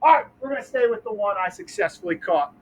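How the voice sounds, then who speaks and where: A man's voice: high voice, lively intonation, quick pace, slight background noise, low-quality recording. A young adult man coaching kids through a ball game outdoors at a school, upbeat and counting catches aloud. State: out of breath.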